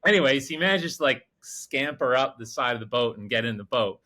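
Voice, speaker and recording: A man co-hosting a podcast, telling a field story in casual chat, animated and acting out other people's lines. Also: medium pitch, a little fast. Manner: animated, mimics others with raised voice and swearing. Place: remote field camp in the Amazon.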